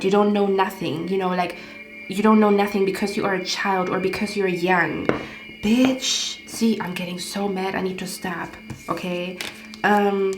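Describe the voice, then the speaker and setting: A woman giving a casual tarot reading, rambling and getting heated, swearing often. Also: mid-range voice. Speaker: tarot card reader. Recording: echoey room, faint background music.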